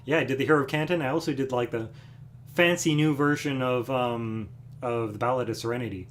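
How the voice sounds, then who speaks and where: A man hosting a music livestream from home, chatting casually between songs in a relaxed, rambling way with frequent chuckles. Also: medium pitch, a little fast. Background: acoustic guitar.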